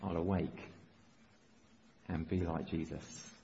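A man's voice: deep voice, flat delivery, slow, creaky, dark tone, slight background noise. A man preaching a sermon, earnest and exhorting in short repeated phrases. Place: church. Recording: dull recording with long reverb in a church hall.

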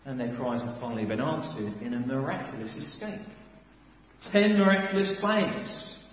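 A man preaching a sermon, animated, full of rhetorical questions and sudden swings between loud and hushed. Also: mid-range voice, normal speed. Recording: echoey hall, dull sound.

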